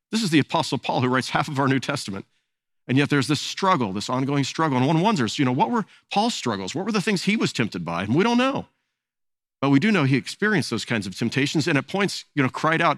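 A man's voice: mid-range voice, big pitch swings, fast talker, fairly bright tone, dry recording. A man preaching a sermon as pastor, earnest and often repeating words as he searches for phrasing.

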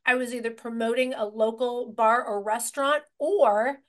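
Woman, 40s, realtor guest; energetic, rambling storyteller, higher pitch. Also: moderate pace. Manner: energetic and rambling, many restarts. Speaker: real estate agent, guest. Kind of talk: conversational storytelling interview.

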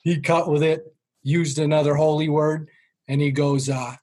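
Here a middle-aged man with a Boston accent, a sales trainer by trade, shares stories as an interview guest. His husky, rough-edged voice comes out flat and a bit mellow at a moderate pace. He jokes about himself and lowers his tone to quote his parents.

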